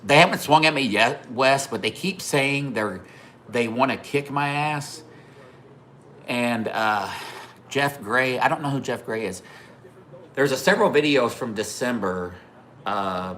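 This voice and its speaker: A man's voice: medium pitch, a little hiss or hum. A man hosting a livestream, telling casual swearing stories to his chat and greeting viewers by name between them. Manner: animated, swearing, laughing through anecdotes. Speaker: livestream host. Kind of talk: casual storytelling to a live chat.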